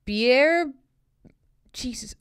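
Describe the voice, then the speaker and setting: A woman's voice: fairly high pitch, animated, extremely slow, smooth, no echo, clean studio sound. A woman vlogger reading a tricky pronunciation poem aloud, word by word, with puzzled, self-mocking asides in between.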